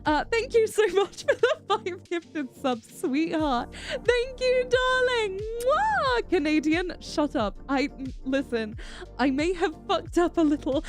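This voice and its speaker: A VTuber streamer chats casually with her viewers on a live stream, affectionate and giggly, calling them darling. Her voice is high-pitched and a little mellow.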